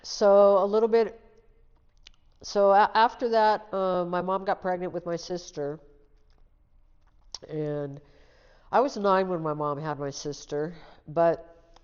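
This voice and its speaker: A woman's voice: fairly low pitch, fairly even intonation, slow, pauses often, a little mellow, clear, resonant tone. A woman in her sixties from the Seattle area, telling her life story as an interview guest in a candid, plain-spoken way. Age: 60s. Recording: dull, lo-fi sound with long reverb.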